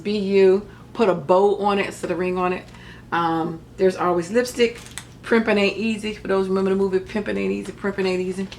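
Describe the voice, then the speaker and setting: Middle-aged lady rambling thru a craft haul, kinda gravelly voice, faint hiss behind. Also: mid-range voice. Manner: chatty, rambling, self-joking asides. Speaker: crafting vlogger. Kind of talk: casual haul show-and-tell.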